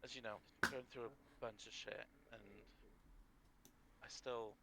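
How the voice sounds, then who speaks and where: A man's voice: mid-range voice, level tone, a little slow, vocal fry, very noisy. A man playing a tabletop role-playing game, chatting casually and swearing freely. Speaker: player.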